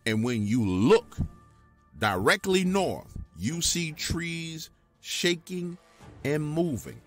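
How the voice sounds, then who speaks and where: Man, emphatic storyteller, true scary story, lively pitch, faint music underneath. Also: slow. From Louisiana, US. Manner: emphatic, animated, talks straight to the listener. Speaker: guest telling his own encounter.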